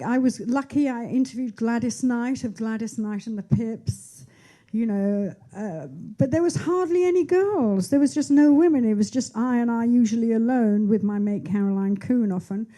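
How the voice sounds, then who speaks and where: A woman's voice: fairly high pitch, normal speed, dark tone. A woman in her sixties, an author speaking at her book launch in a bookshop, chatty and rambling with many restarts and asides. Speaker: author being interviewed. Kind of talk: onstage conversation at a book launch. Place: bookshop event in front of an audience.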